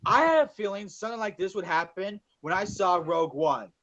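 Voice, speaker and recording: A man's voice: high voice, very animated, brisk, a bit bright, lo-fi sound, a little hiss or hum. A man co-hosting a casual podcast about movies, rambling with many fillers and swearing. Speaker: podcast co-host.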